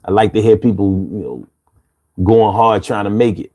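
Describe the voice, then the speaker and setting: A man's voice: lowish voice, normal speed, warm tone. A man in his fifties from Philadelphia with a Philly accent, hosting a laid-back live chat, reading out comments and laughing often. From Philadelphia, USA. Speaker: livestream host.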